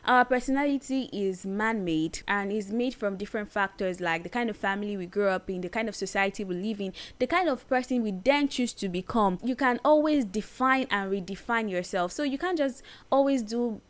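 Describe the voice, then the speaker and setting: A woman's voice: medium pitch, moderate pace, hardly any pauses. A woman hosting a solo advice podcast, speaking earnestly and stressing her points by repeating phrases. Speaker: podcast host.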